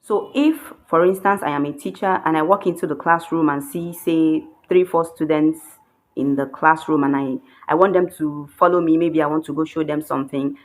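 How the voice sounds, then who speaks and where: Woman, low voice, patient Chinese grammar lesson, repeats every point. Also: steady tone. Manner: patient, repeats points, slow worked examples. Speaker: Chinese language teacher. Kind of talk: explaining grammar.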